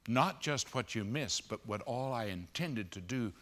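A man preaching a sermon at a conference, moving between loud emphatic peaks and hushed low passages. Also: expressive, a little slow. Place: conference auditorium.

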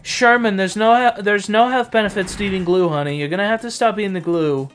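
A man's voice: sits high, fast talker, a bit bright, soft background music, voice pushed up. A man voicing a fussy, worried female schoolteacher who scolds in a sweetly patronizing way. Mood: chiding.

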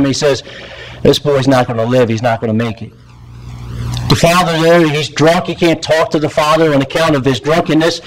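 A man's voice: a little high, low-quality recording. Earnest preacher man, restarts often. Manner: earnest, repeats and restarts words. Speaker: pastor. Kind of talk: sermon with storytelling. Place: church sanctuary.

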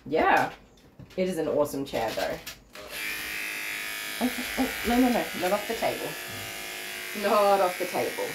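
A woman's voice: fairly low pitch, big pitch swings, moderate pace, long pauses, heavy background noise. A woman dog groomer hosting a casual livestream from her salon, chatty and easily emotional.

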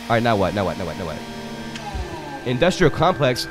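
A young man giving loose, excitable commentary while playing a video game, swearing often and talking to his chat. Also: medium pitch, fairly quick, noisy background. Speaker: gaming streamer. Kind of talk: casual let's-play commentary. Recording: game music playing behind. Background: game music.

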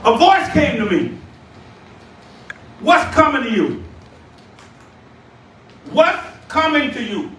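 A man preaching a sermon as bishop, shouting and calling out to the congregation, recorded from a distance in a church. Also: extremely high pitch, big pitch swings, takes it slowly, long pauses, a little hiss or hum. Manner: shouting, call-and-response preaching. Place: church sanctuary. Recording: echoey church room, distant mic.

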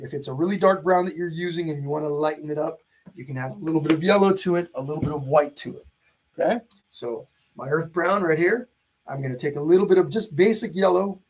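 A man teaching a live painting lesson step by step, chatting warmly with viewers and greeting them by name. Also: on the high side, slightly rough. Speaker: painting instructor.

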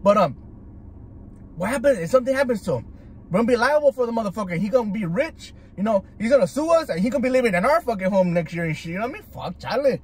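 A man's voice: sits high, expressive, fast talker, breathy edge. A man from Southern California, telling stories in a profane, slangy way with Spanish words mixed in while he eats. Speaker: food vlogger. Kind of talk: casual chat while eating.

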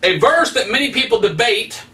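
A man's voice: very high voice, expressive, moderate pace, sharp tone, recorded from a distance. A man preaching as an evangelist, teaching Scripture with emphatic, rising stresses. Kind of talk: preaching Bible study.

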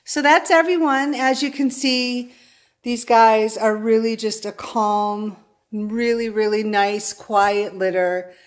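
A woman dog breeder talking casually to camera, switching between high sing-song calls and softly murmured praise for puppies. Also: steady tone, slow. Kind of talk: casual vlog talk to camera.

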